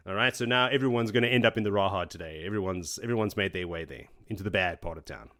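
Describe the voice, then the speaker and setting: Racing along with hardly any pauses, a man with a low, slightly bright voice hosts a podcast recapping a fantasy book chapter by chapter. It's a casual, rambling rundown, full of laughter as he acts out what the characters say.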